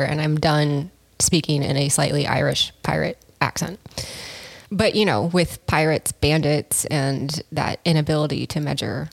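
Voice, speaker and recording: Field: podcast. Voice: low, gravelly woman co-host. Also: measured pace, dry recording. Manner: playful explaining. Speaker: podcast co-host and business school teacher. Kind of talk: casual podcast chat.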